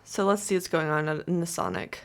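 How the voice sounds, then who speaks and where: A woman's voice: on the low side, steady tone, a little fast, background noise. A woman reacting to clips in a casual vlog, talking to camera in a chatty, exasperated way with lots of "like". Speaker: commentary vlogger.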